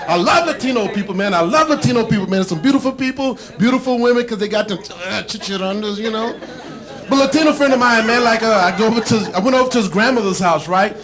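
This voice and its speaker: High-voiced stand-up comic from Texas. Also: male voice, quick pace. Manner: chatty, frequent "man" and "you know", crowd work. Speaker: stand-up comedian. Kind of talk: stand-up set. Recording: live comedy club with audience.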